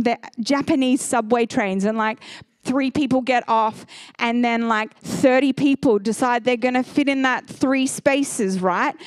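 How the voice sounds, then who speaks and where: A woman in her thirties preaching a sermon as a pastor, telling stories in an animated way and acting out the people in them. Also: sits high, no room sound, studio quality. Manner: animated storyteller, acts out characters.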